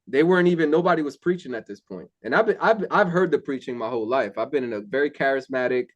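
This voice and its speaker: A young man speaking candidly in a relaxed conversation. He tells his faith story plainly and earnestly, with plenty of ums and restarts. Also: medium pitch, fast talker. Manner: candid, earnest, many fillers. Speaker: interview guest. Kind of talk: casual testimony.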